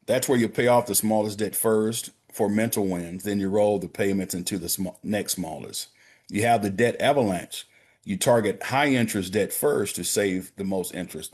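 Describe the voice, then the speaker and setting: Here a man who banks for a living offers down-to-earth financial guidance on a prayer call, addressing listeners directly as gentlemen and brothers. The voice is lowish and breathy at the edges, moving at a moderate pace.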